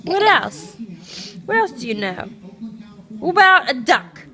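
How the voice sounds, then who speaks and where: A woman's voice: high voice, sing-song, unhurried, a crowd in the background. A mother playfully coaxing her young child at home with repeated questions. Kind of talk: casual home video, quizzing a toddler.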